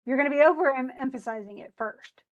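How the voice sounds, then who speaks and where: A woman teaching poetry in a lesson, her voice sitting a little on the high side. She talks with false starts and slows down to stress the syllables she means. Her tone is patient. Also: phone-quality sound. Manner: thinking aloud with restarts, slowing to stress words. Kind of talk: live tutoring on meter.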